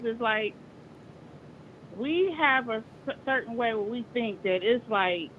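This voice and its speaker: A woman's voice: fairly high pitch, slight background noise. Mother telling a story, dull lo-fi sound. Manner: animated, stumbling restarts, acts out dialogue. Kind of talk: casual storytelling chat.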